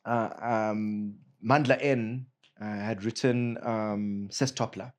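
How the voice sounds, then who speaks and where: A man from Zimbabwe, an actor, telling stories from his career in a casual interview, lively and often laughing. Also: lowish voice, slow pace. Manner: animated, bursts into a put-on Nigerian accent and laughter. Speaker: actor guest.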